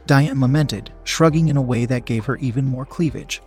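Man, story narrator, even unhurried reading, middle pitch, faint background music. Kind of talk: scripted erotic story narration.

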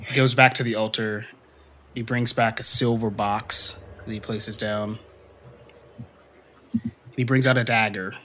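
A man's voice: on the low side, a little slow, long pauses, slight background noise. A man narrating as game master of a tabletop role-playing game, telling the scene with fillers and easy laughs. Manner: relaxed storytelling with frequent fillers and laughs.

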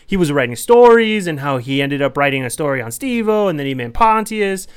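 A man's voice: on the high side, very animated, fairly quick, smooth. A man co-hosting a podcast in casual chat, laid-back and slangy. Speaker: podcast co-host.

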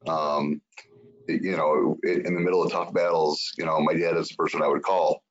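A man's voice: very deep voice, little pitch movement, moderate pace. A man speaking as a senator guest in an interview, earnest and reflective. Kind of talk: political interview talk. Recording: dull lo-fi sound.

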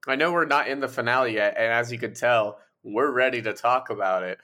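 A man's voice: medium pitch, fairly quick, bright, forceful tone. A man co-hosting a podcast over a video call, goofing around, laughing and swearing casually. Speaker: podcast co-host. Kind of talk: casual chat.

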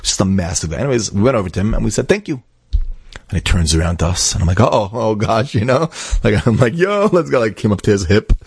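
A Brooklyn man tells a story in a husky, somewhat low voice. He acts out both sides of a conversation with sudden jumps in pitch. The sound is dry and close. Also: rapid-fire, hardly any pauses, no room sound. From Brooklyn, New York. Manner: animated, acts out dialogue with big pitch jumps. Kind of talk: casual inspirational anecdote.

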